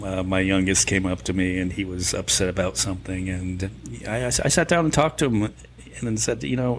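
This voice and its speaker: A man's voice: sits low, fairly even intonation, fairly quick, slight background noise. A man co-hosting a casual podcast chat, easygoing and supportive of his guest. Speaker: podcast co-host.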